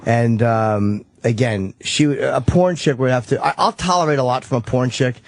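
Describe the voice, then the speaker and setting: A man's voice: medium pitch, moderate pace, no echo. A man hosting a radio show, talking casually and profanely, often restarting his sentences. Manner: rambling, self-correcting, profane. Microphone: studio microphone.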